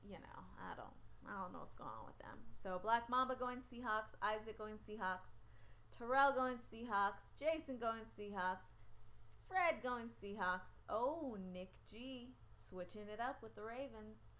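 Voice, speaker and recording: Slow-talking bright-voiced woman host. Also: on the high side, expressive. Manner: rambling and chatty, often loses track. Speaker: host of a sports picks show. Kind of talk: casual livestream chat reading viewer comments. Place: at home.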